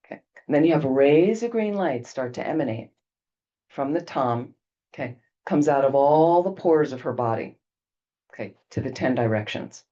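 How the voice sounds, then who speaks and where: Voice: medium pitch, expressive, normal speed, mellow. A Buddhist retreat teacher talking a group through a detailed visualization, checking in with frequent "okay"s. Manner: peppers explanations with frequent "okay" check-ins. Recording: dull lo-fi recording.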